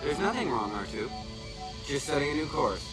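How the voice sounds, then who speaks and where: An actor playing a calm young male pilot who gently reassures his droid. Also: fairly high pitch, normal speed, over loud music. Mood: reassuring. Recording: film clip under loud orchestral score.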